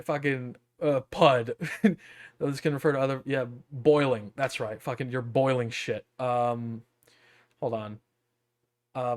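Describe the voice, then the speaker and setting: A man's voice: fairly high pitch, a little mellow. A man streaming casually as a virtual streamer, reading aloud and reacting in a profane, giggly, rambling way.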